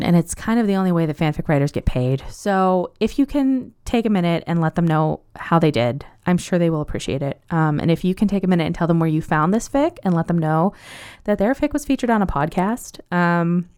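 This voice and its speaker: A young woman hosts her podcast alone, talking in a loose, rambling way and gushing over what she loves. Her voice sits a little low for a woman and sounds clean and smooth. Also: darkish tone. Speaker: podcast host. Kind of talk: casual podcast monologue.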